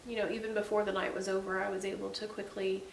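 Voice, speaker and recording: Gravelly woman in an echoey room. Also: medium pitch, little pitch movement, fast. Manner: chatty, warm-hearted storytelling with many ums. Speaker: podcast co-host. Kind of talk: casual faith-based chat. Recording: echoey room, distant mic, faint hiss.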